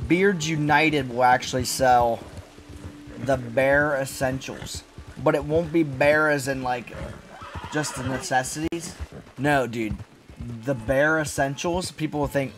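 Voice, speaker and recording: A gaming streamer with a medium-pitched voice speaks slowly, rambling and joking in casual commentary as he plays a video game, tossing out deadpan riffs.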